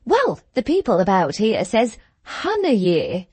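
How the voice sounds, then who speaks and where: A woman's voice: medium pitch, very animated, unhurried, a little mellow, dry recording. Woman doing a wheezy, mincing old-style innkeeper. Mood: chatty. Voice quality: treble, wheezy voice with a mincing accent. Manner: deferential, chatty, says "sir" often. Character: pompous plump male village innkeeper.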